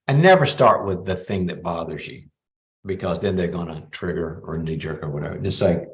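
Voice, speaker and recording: A middle-aged psychologist hosts a live advice show, coaching callers warmly and acting out both sides of a conversation. His voice sits low and moves a little fast.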